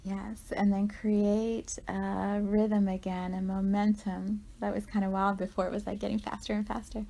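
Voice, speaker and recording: Mellow woman guiding a walking meditation. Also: medium pitch, level tone, normal speed, vocal fry, few pauses. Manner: gentle, conversational, with frequent "right?" asides. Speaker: meditation guide.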